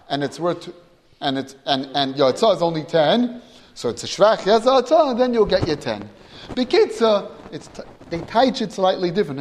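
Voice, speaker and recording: A man teaching a Talmud class, lively and animated, acting out both sides of a business deal and sprinkling in Hebrew and Yiddish terms. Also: high-pitched, big-room sound.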